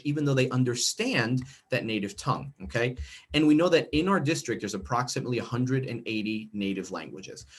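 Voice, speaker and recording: Brief: middle-aged American man, slightly hoarse-edged voice, mid pitch, friendly workshop trainer style. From United States. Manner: conversational, frequent check-ins with "okay?" and "right?". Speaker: teacher trainer. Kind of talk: professional development workshop presentation.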